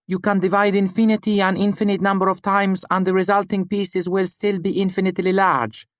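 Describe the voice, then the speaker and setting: A man's voice: sits high, level tone, fairly quick, no room sound, clean studio sound, voice pushed up, close to an everyday voice. A man doing a precise student with an odd foreign lilt. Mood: explaining. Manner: careful, reasoning step by step.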